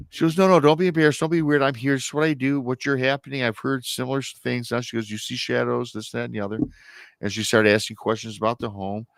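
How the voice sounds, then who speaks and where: A man in his thirties, a podcast guest, telling a personal paranormal story in a casual, animated way and acting out the people he quotes. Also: medium pitch, no room sound. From Michigan.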